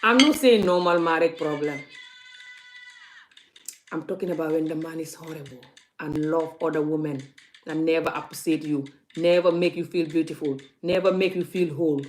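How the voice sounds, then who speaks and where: Woman, vlogger, impassioned, emphatic, preachy, fairly low pitch. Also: moderate pace, slight background noise. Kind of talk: casual live vlog talk.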